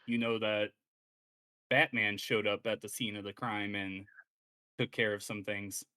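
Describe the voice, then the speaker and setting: A player describing their moves in a tabletop game in a relaxed way. The voice sits at a middle pitch. Laughs come easily between lines. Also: a little slow, clean tone. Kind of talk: casual tabletop play.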